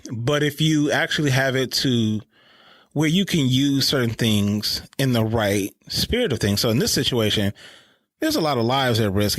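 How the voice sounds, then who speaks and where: A man co-hosting a podcast in casual chat, animated as he recaps scenes and laughs often. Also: mid-range voice, no echo. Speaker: podcast co-host.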